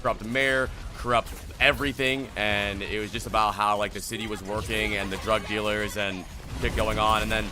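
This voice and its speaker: A man's voice: lowish voice, steady tone, normal speed, background noise. A young man from New Jersey, a streamer rambling in slangy casual chat while answering his viewers.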